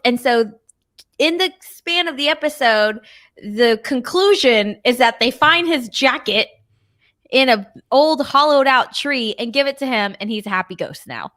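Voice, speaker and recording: A woman's voice: a little high, a bit bright. A woman in her thirties co-hosting a podcast, chatting casually, teasing and laughing often. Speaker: podcast co-host. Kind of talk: casual chat.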